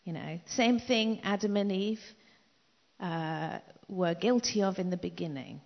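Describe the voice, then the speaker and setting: A middle-aged woman preaching a sermon in an emphatic way, repeating key phrases and dropping into soft asides. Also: mid-range voice, a little slow, vocal fry. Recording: dull echoey hall recording.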